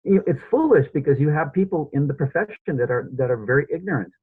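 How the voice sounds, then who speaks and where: A man's voice: on the high side, expressive, fast talker, dry recording. A male podcast host in casual interview chat, rambling with many restarts and fillers. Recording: husky voice over a tinny phone-like line.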